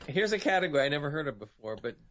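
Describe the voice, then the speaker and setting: A man's voice: a little high, sing-song, rapid-fire. A man with a Southern American accent hosting a casual gaming chat, reading out award nominees over an online call. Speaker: host reading award results.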